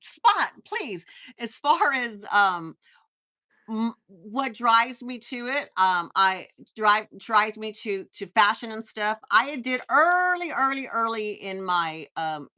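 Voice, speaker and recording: A woman with a Texan accent hosts a casual live stream, her voice bright and forward. She sits a little above the usual pitch and chats in quick, stumbling bursts, reading out viewer comments between stories. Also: lively intonation. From Texas. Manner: chatty, stumbling restarts, reads viewer comments aloud. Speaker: host.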